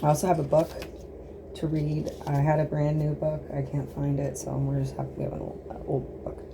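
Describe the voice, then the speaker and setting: Low-pitched American woman, slow and patient, drilling letter sounds at home over an audible noise floor. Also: level tone. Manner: sounds out letters slowly, breaks off to scold a small child. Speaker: home teacher of American pronunciation. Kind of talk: casual home phonics lesson. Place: home, with a small child nearby.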